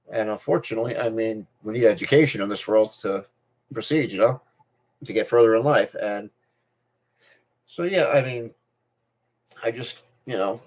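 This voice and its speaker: A man's voice: fairly low pitch, normal speed, long pauses, darkish tone. A middle-aged man with a speech difference, chatting casually to his viewers as a channel host, repeating and restarting phrases as he goes. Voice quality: speech difference, not a stutter. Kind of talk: casual personal talk to camera.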